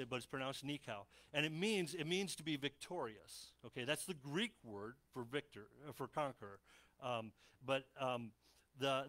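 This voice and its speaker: A man preaching a sermon as pastor, animated and playful, with frequent restarts as he acts out Bible scenes in voices. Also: mid-range voice.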